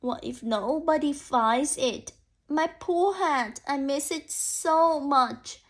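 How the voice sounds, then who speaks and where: A woman voicing a worried, sad male bear searching for his lost hat in a picture-book read-aloud. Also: high-pitched. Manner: slow, plaintive.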